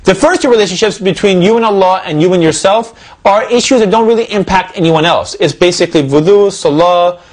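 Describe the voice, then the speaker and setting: A man hosting a comedy video talks straight to the camera, joking one moment and lecturing earnestly the next. His voice is fairly high and a little husky. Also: fairly quick. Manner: joking, then preachy and earnest. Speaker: host.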